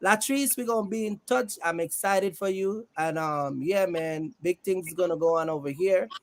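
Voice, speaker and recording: A man with a high voice hosts a casual livestream for people in trucking. He rambles in a friendly way, teases the guests and reads comments from the chat aloud. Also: moderate pace. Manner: loose and joking, reads the chat aloud, lots of "man" and "you know". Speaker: host of a trucking business livestream. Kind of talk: casual live-stream chat.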